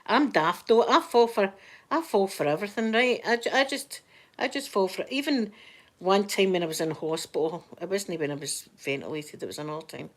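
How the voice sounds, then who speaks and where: A woman's voice: mid-range voice, brisk. A Scottish woman chatting casually on a live stream, rambling through stories and laughing often. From Scotland. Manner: chatty, rambling storyteller who laughs a lot.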